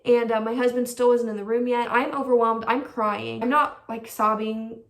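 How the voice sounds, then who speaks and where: A woman's voice: on the high side, little pitch movement, normal speed, echoey room, distant mic. A young woman vlogger telling a personal story in a casual, chatty way, full of "like" fillers and acted-out quotes. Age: young adult.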